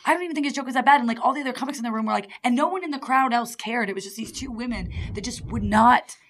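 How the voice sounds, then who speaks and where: Female comic guest, brisk delivery, animated and chatty. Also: fairly high pitch. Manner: animated storyteller, acts out quotes. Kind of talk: casual chat. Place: radio studio.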